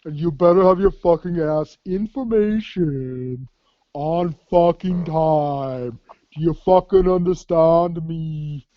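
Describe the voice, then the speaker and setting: A man putting on the slow, heavy voice of a gruff army sergeant who barks orders, on a dull lo-fi recording. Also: a little high, no echo. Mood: furious. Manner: slow, heavy growling delivery.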